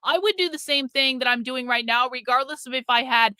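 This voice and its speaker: A woman's voice: high voice, a little fast, bright, forceful tone, clear, resonant tone, no room sound. A woman hosting a live stream, ranting in a profane, combative way with a sarcastic, mocking edge, stopping to read and thank viewers' super chats.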